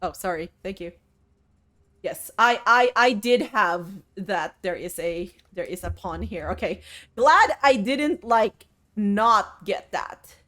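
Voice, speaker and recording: A woman's voice: medium pitch, animated, takes it slowly, fairly bright tone. A woman streaming a puzzle game live, talking to her chat as friends in a melodramatic way. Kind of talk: live-streamed gameplay commentary.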